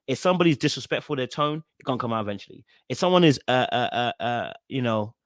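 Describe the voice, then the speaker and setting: A man's voice: medium pitch, fast, no echo. Man, casual show commentary, repeats himself, lots of fillers, dry close sound. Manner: animated, repeats himself, many fillers and restarts. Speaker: reaction video host.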